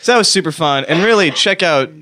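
A man hosting a podcast, telling stories in a casual chat, animated and laughing, often stumbling over his words. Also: a little high, fast. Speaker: podcast host.

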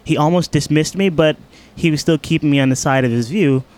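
A young man recounting a tense encounter in casual chat, earnest, with halting restarts. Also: on the high side, darkish tone.

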